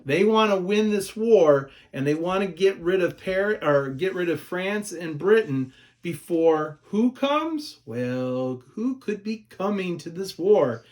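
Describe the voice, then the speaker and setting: A man teaching a history lesson at an unhurried, deliberate pace. He says each note more than once so students can copy it down. He poses questions to the class and then answers them himself. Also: high voice, animated, darkish tone. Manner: repeats key notes slowly for students. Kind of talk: recorded classroom lecture.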